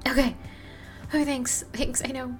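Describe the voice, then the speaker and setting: A fiery young elf hacker, bold and foul-mouthed, tossing quick teasing banter at her partner in an audio role-play, as a woman plays her. Her voice sits a little high, with faint music under it. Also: flat delivery. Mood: tender, tearful. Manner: swearing, teasing banter with laughs. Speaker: voice actor.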